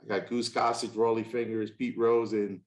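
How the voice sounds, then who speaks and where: A man in his fifties, a podcast host, telling stories in casual chat and acting out the voices of people he quotes. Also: moderate pace. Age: 50s. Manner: animated, acts out quoted voices with big pitch jumps.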